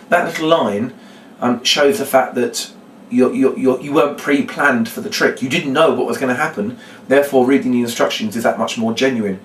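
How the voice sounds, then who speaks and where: A man, a children's magician, demonstrating a trick step by step and acting out his patter with a brighter voice. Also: moderate pace, slight background noise. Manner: explains step by step, then acts out his patter in a bright, higher voice. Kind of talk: demonstration lesson. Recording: echoey room, mic at a distance.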